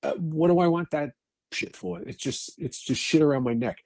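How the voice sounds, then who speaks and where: A man's voice: a little high, normal speed, a little mellow, dry recording. A middle-aged man, telling stories bluntly as a podcast guest, with frequent restarts and swearing. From New York. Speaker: guest, actor and firefighter. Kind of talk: casual podcast interview.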